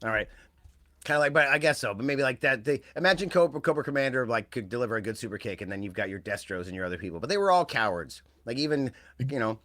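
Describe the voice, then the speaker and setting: A man's voice: mid-range voice, lively intonation, fast, fairly bright tone, no room sound, studio quality. A man co-hosting a wrestling podcast, talking in a rambling, casual way that trails off and restarts. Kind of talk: casual chat.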